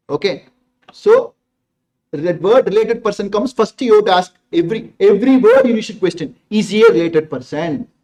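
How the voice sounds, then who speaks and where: Fast, high-voiced Tamil Indian teacher. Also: male voice, a little mellow. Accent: Indian English, Tamil. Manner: emphatic, repeats words, asks the class rhetorical questions. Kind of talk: exam revision lecture.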